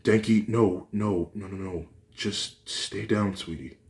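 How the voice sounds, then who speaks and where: Soft, soothing mother, as a man reads her. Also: low voice, flat delivery, a little slow. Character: gentle comforting mother.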